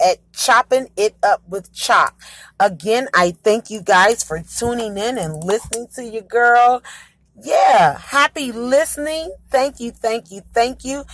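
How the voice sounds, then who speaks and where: A woman's voice: a little high, dry recording. A woman hosting her own podcast, talking casually in a chatty, upbeat way with many fillers and self-corrections. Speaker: podcast host. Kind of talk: casual solo podcast chat.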